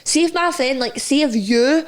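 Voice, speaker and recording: A young woman with a Scottish accent, co-hosting a podcast and telling lively stories full of acted-out quotes. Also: high-pitched, moderate pace. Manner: lively storyteller, acts out quotes. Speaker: podcast co-host. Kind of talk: casual chat.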